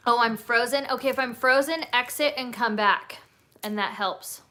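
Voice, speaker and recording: A woman's voice: on the high side, moderate pace, sharp tone. A young woman, hosting a casual livestream chat and reading viewer comments aloud with plenty of "like" and "um" fillers. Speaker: livestream host.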